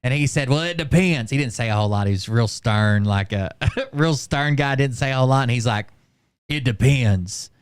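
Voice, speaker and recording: A man's voice: mid-range voice, brisk, smooth, no echo. Crude, rambling male streamer. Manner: crude, rambling anecdotes with profanity. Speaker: streamer reacting to videos. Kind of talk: casual live-stream commentary.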